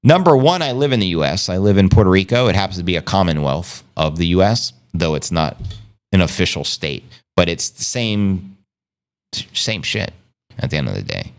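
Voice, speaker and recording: A man's voice: low-pitched, sing-song, moderate pace. A man hosting a casual livestream, reading viewer comments aloud in a laid-back, slangy way. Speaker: livestream host.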